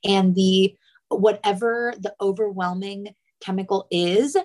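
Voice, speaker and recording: A young woman hosting a podcast interview, talking in a chatty, rambling way and jumping up high when she quotes others. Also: measured pace. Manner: animated, rambling, jumps high for quoted voices. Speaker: podcast host. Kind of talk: casual interview chat.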